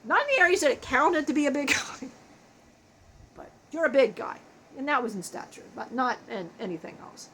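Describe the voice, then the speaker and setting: A foul-mouthed, wisecracking spirit of a big bald man who has passed on, spoken by a woman channeling him. The voice is high, full of laughs, curses and offhand jokes, with a faint hiss of noise behind it. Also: sing-song, brisk, bright, forceful tone, heavily acted. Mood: joking. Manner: crude, swearing, jokey, laughs often. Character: irreverent dead man's spirit, big bald joker.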